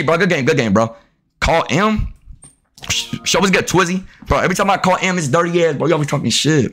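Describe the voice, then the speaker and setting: Young male streamer, profane and riled up, pitch swinging wide. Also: fairly bright tone. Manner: profane, trash-talking, riled up. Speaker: gaming streamer. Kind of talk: live game commentary with chat.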